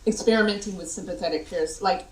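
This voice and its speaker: A middle-aged American woman giving a lively conference workshop and demonstrating vocal tones to the audience. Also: medium pitch, quick pace, slight background noise. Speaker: workshop presenter. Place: large conference hall. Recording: echoey hall, voice from far off.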